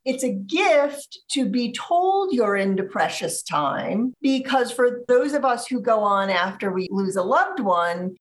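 A woman author being interviewed on a podcast, speaking in a measured, thoughtful way and slowing down to stress ideas. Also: fairly high pitch, sing-song.

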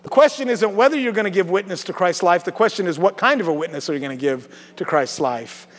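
A man's voice: sits high, lively intonation, quick pace. A man delivers a sermon in a casual, conversational way. He teases the congregation and peppers his talk with ums and uhs. His voice carries a long reverb from the church hall. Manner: conversational, joking with the congregation, many fillers. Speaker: pastor. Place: church sanctuary.

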